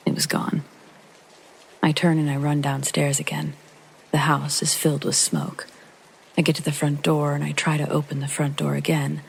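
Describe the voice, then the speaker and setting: A man hosting and narrating a true horror story in a hushed, half-whispered way, with a gravelly, husky and breathy voice. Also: a little high, slight background noise, low-quality recording. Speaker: host and narrator.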